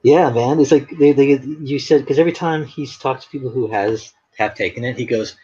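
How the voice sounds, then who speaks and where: A mid-range male voice with a dark tone, speaking at normal speed, belongs to an artist hosting a live stream. He chats casually, telling rambling stories thick with fillers, recorded in dull lo-fi stream audio.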